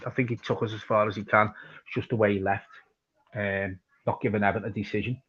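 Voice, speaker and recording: A man's voice: lowish voice, lo-fi sound. A man from hosting a live football watch-along, reading out viewer comments and chatting casually with plenty of swearing. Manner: casual, swears freely, reads chat messages aloud. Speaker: fan channel host reading viewer comments.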